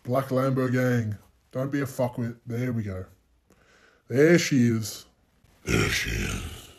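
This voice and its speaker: A young man calls his racing game as he plays it, cursing freely and poking fun at himself. His voice sits in an ordinary middle register. It jumps suddenly into loud shouts whenever the race turns. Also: mid-range voice, measured pace. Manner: profane, self-mocking, bursts into loud exclamations. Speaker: gaming channel host.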